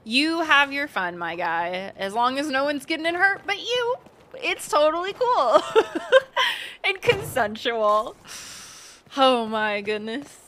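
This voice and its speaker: A woman's voice: sits high, expressive, slow pace, bright, forceful tone, slight background noise. A woman streaming a game, chatting casually, giggling and greeting viewers in chat by name. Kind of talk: casual let's-play commentary.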